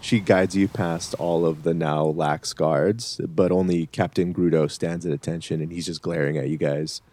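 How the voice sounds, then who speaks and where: A man's voice: deep voice, steady tone, normal speed, dark tone. A man running a tabletop game as game master, narrating scenes and laughing often. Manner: laughs often, loose and joking.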